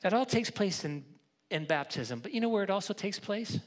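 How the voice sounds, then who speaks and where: A man's voice: high-pitched, lively intonation, moderate pace. A man preaching a sermon as pastor in a church, talking conversationally and often restarting and repeating words. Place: church sanctuary.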